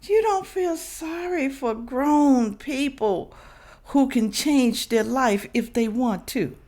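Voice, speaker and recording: A woman from Memphis, hosting a reaction video and giving blunt, animated commentary to her viewers. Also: sits high, takes it slowly. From Memphis, Tennessee. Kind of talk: casual commentary.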